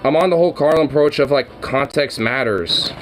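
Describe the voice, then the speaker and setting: Streamer guy ranting, swears nonstop, lots of like and you know, normal pitch, soft music behind. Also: brisk, poor audio. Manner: profane, heated rambling with many fillers. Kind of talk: casual stream chat.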